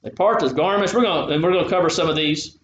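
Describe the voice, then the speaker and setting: A man's voice: a little high, quick pace, a bit bright, slight background noise. A man preaching a sermon, reading scripture aloud and explaining it, often stopping to restart. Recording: echoey, slightly dull room sound.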